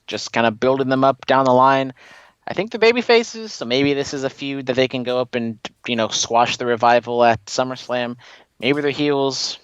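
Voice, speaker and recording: A man's voice: mid-range voice, normal speed, smooth, no room sound. Man, podcast co-host, rambling and opinionated, dry close sound, slightly dull mic. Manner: rambling, opinionated, many you-knows. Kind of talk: casual wrestling chat.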